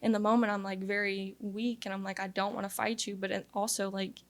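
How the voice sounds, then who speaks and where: A young woman from Louisiana shares her testimony in an interview, speaking candidly and earnestly. Her voice has a steady gravelly fry, and it stays flat and even in pitch. She fills her story with frequent "like"s as she talks it through. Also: fairly quick. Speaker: guest sharing testimony.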